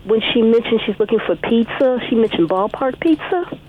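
A woman's voice: on the high side, animated, normal speed. A friendly, chatty caller shares tips with a radio host. Her voice comes through a thin, tinny phone line. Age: 60s. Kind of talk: casual call-in chat.

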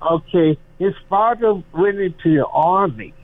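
A man calling in as a guest who talks haltingly and hesitantly. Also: sits high, no echo. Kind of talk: casual chat. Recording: dry, tinny phone line.

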